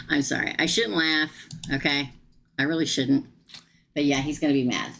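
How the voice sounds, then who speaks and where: A woman reading tarot on a live stream, chatty and animated, laughing often. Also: low voice, gravelly, a little hiss or hum. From United States. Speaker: tarot reader.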